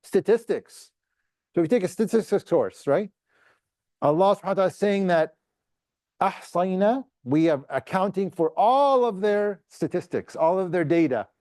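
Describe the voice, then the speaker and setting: A man's voice: sits high, expressive, brisk, a little mellow, no room sound, studio quality. A man teaching a tafseer class on the Quran. He explains verses, breaks into chanted Arabic recitation, and puts questions to his students.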